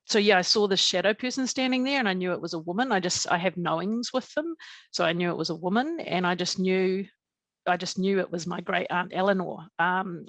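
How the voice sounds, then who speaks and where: A woman guest on a podcast telling her own story in a calm, matter-of-fact way, with many soft fillers. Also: on the low side, no echo. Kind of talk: personal storytelling.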